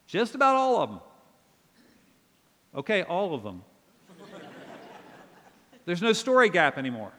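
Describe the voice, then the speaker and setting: A man's voice: sits high, fairly bright tone. A man preaching a sermon as pastor, earnest and conversational, with asides to his congregation. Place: church sanctuary. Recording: long church reverb.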